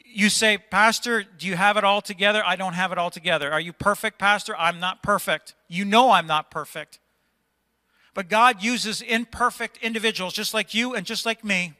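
A male pastor delivers a fervent sermon, stern and exhorting, pushing his voice up when he rebukes. His voice sits high and sounds sharply bright and piercing. It rings out with a long reverb through a church sanctuary. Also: fairly even intonation, moderate pace.

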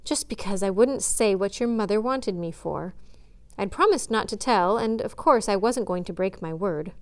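A defiant, hot-tempered young man who won't back down, as a woman reads his part. His indignant lines come in a smooth voice. It sounds like a storybook reading. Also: mid-range voice, animated, moderate pace, natural voice.

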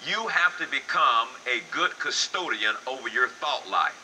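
An older man delivers a sermon. His voice is very bright and forward, and he swings from low, hushed lines to loud, high-pitched exclamations. A faint noise sits under the recording. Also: lively intonation, a little slow, rough recording. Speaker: pastor.

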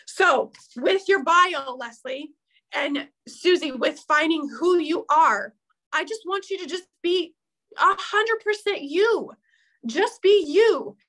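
High, bright-voiced earnest woman. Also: animated, slow pace, poor audio. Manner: emotional, tearful at times, earnest and open. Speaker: team leader at an accountability meeting. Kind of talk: casual motivational talk to her team.

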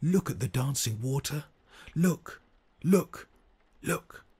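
A man voicing a fretful talking cat in a game's storybook cutscene, with a high, squeaky and raspy voice. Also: big pitch swings, fairly quick, slight background noise. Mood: delighted.

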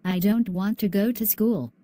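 A soft, earnest young schoolgirl, voiced by a female student in a school video. Her voice is mellow and warm at a middle pitch, gentle throughout. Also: normal speed, close to an everyday voice. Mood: sad. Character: young bullied albino schoolgirl, sad and gentle.

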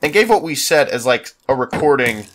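A man's voice: medium pitch, very animated, a little fast, noisy background. A man with a congested, sinus-stuffed voice giving rambling, self-mocking let's play commentary at a desktop microphone. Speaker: gaming YouTuber.

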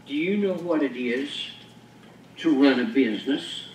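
A man's voice: medium pitch, animated, unhurried, darkish tone. A pastor preaching a sermon, pressing his points with rhetorical questions and emphatic declarations to a congregation. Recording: echoey church from far off.

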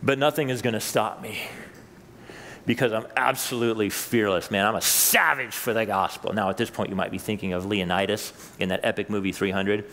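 A man, a pastor, preaching a sermon with lively rises when he reads scripture and chatty asides to his listeners. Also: fairly low pitch, brisk, in a large hall, a little hiss or hum. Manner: animated preaching, voice rising for quoted scripture; conversational asides to the congregation. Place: church sanctuary.

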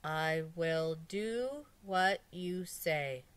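A woman voicing a flustered female smoker who turns flat and droning under hypnosis. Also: lowish voice, very slow, clear, resonant tone. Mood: droning entranced.

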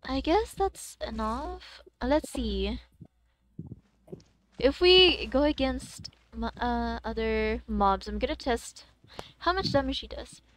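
A young woman, livestreaming a game in casual chat, excitable and cursing with sudden loud outbursts. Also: a little high, slow. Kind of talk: casual gaming stream chat.

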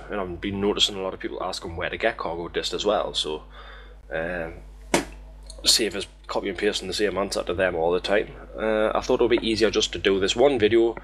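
A man's voice: lowish voice, fairly bright tone. A man talking through a game tutorial in a casual, rambling, sweary way, poking fun at himself. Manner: rambling, sweary, self-mocking. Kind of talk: casual screen-recorded tutorial.

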